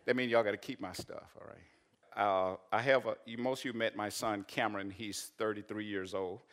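A man, a pastor preaching and telling a personal story, rising to loud emphatic peaks. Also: lowish voice, steady tone, normal speed. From Arkansas. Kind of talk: sermon.

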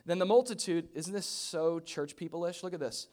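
A man preaching a sermon in a slightly higher-than-average voice. He drops to near-whispers for emphasis, then surges back up to loud, fervent exclamations. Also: animated, moderate pace, few pauses. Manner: dynamic, swinging from hushed whispers to loud exclamations.

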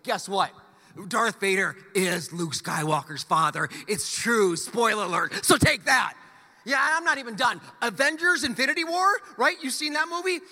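A high-pitched, very bright male pastor preaching with wide, lively swings in his voice. He tells stories in a playful, ranting way, and his words ring out with a long hall reverb. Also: normal speed. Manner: animated storyteller, playful ranting. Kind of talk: sermon.

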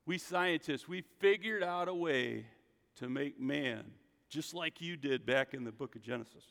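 A man's voice: a little high, measured pace, creaky, a bit bright, voice pushed down. A man voicing proud, boastful scientists in a joke, eager and pleased with themselves. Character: boastful group of male scientists. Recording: echoey hall.

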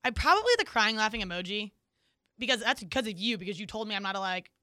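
Fast-talking giggly young woman. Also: medium pitch, lively intonation, bright, forceful tone, dry recording, clean studio sound. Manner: chatty and giggly, quick storytelling. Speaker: podcast co-host. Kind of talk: casual chat.

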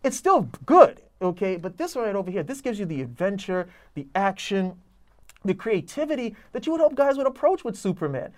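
A man's voice: sits high, big pitch swings, fairly quick, a little mellow. A man reviewing comic books in casual chat, enthusiastic and rambling with lots of fillers.

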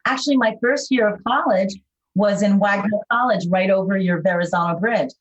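An older actress with a faint New York accent, chatting warmly and enthusiastically as a guest, with lots of fillers. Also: female voice, mid-range voice, a little fast. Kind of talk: casual interview chat. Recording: dull, lo-fi sound.

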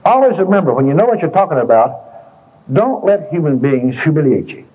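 A man preaching and telling a story in a conversational way, often repeating himself and clearing his throat. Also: on the high side, very animated, fairly quick, phone-quality sound. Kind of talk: sermon storytelling.

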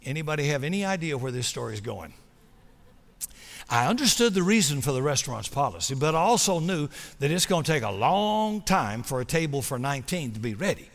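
A male pastor delivers a sermon in a church sanctuary, his voice pitched a little high and full of movement. He shifts from loud, acted-out story moments to quiet invitations. A long hall reverb trails every phrase. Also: sing-song, fairly quick, creaky. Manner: storytelling, swings from loud to hushed.

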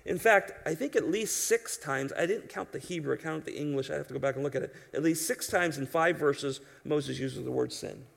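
A man's voice: a little high, a little fast, creaky, few pauses. A man preaching an expository sermon in an emphatic, conversational way, asking his listeners rhetorical questions. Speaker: pastor.

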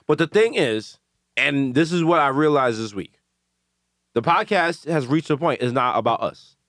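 A man co-hosting a podcast in casual chat, animated and profane, swinging from hype to earnest. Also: on the high side, moderate pace, dry recording, clean studio sound. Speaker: podcast co-host.

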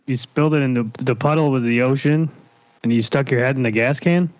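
A man's voice: medium pitch, brisk, highs cut off. A man co-hosting a comedy podcast, talking plainly with frequent restarts and fillers. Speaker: co-host. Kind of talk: casual comedic banter.

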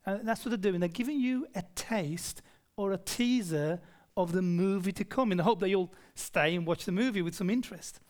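A man preaches a Bible-study sermon in a conversational style, often putting questions to the congregation and frequently restarting his sentences. His voice is high with a darkish tone, at a moderate pace.

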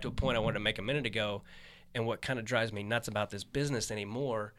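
A man's voice: on the low side, quick pace. A man who is a stand-up comedian, hosting a casual chat and telling stories with lots of swearing. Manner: animated storyteller, swears freely, acts out quotes. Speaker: podcast host, stand-up comedian.

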